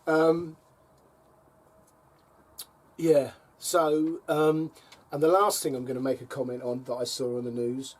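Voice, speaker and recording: This middle-aged allotment vlogger chats to camera next to a fire, telling wry stories with chuckles and dry jabs in between. His medium-pitched delivery is completely flat and slow, with long pauses.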